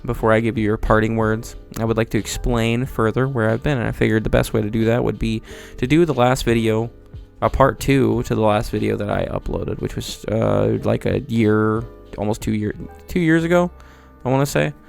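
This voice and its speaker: A man's voice: lowish voice, steady tone, moderate pace, vocal fry, darkish tone, soft background music. A young man giving a profane, rambling comedic monologue with mock disbelief. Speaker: video creator.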